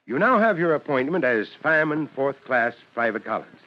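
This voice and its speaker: A kindly, formal fire chief, voiced by a man with a measured, fatherly delivery. Mid-pitched voice in 1940s radio-drama style. The recording is dull and lo-fi like an old broadcast. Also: very animated, lightly acted. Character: kindly middle-aged male fire chief.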